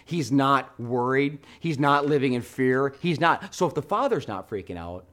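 A middle-aged man preaching a sermon, telling a story with animated swings between hushed and loud delivery. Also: medium pitch, normal speed. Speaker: pastor.

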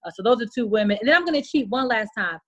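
A woman's voice: on the high side, rapid-fire, muffled recording. A woman guest on a podcast, talking casually and with animation, acting out people's reactions. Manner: animated, laughing, plays out reactions in voices. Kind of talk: casual conversation.

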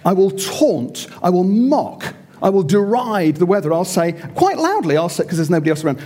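A man's voice: high-pitched, very animated, normal speed, mellow. A middle-aged man telling a self-mocking story in a theatrical, sermon-like style. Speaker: speaker.

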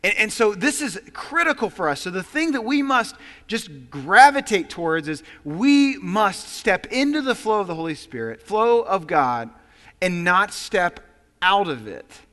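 A male pastor delivers a storytelling sermon in a slightly high, bright, forceful voice. He drops to a hush for quoted lines and then builds to loud emphasis. His voice carries a long reverb from the hall. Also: big pitch swings, unhurried.

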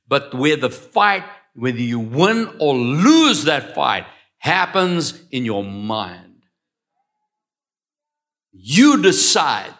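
A man preaching a sermon, swinging between loud declarations and quiet asides. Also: medium pitch, very animated, takes it slowly. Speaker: pastor.

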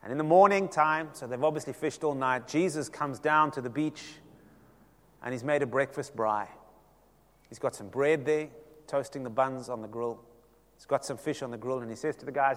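A man, preaching a sermon as pastor and telling the story dramatically, shifting between loud and hushed passages. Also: mid-range voice, moderate pace, pauses often, big-room sound.

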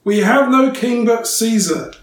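An angry crowd of men shouts its demands loud and high, as one man reads them. The yells ring in a roomy space. The mic sits well back. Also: lively intonation, moderate pace, natural voice. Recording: roomy, distant, faint ambience.

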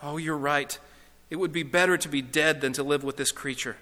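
A man's voice: on the high side, brisk, sharp tone. A man voicing a cowardly male ghost who whimpers, stammers and begs. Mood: desperate. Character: frightened whining male ghost, cowardly and pleading. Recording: reverberant hall.

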